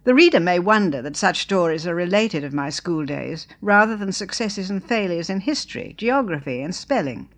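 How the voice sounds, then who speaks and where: A woman reading a memoir aloud in a measured, expressive storytelling manner. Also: fairly low pitch. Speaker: narrator.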